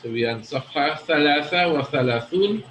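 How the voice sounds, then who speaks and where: A man's voice: fairly high pitch, lively intonation, very fast, a bit bright, echoey room, a little hiss or hum, low-quality recording. A man teaching an Arabic grammar class in a patient, explaining way, often checking in with "right?". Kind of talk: online class lesson.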